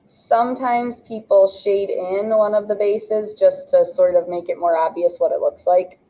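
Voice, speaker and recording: A woman's voice: medium pitch, fairly even intonation, unhurried, warm tone, poor audio. A young adult woman teaching a math lesson, explaining step by step as she draws. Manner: patient, explains step by step while drawing. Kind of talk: classroom lesson narration.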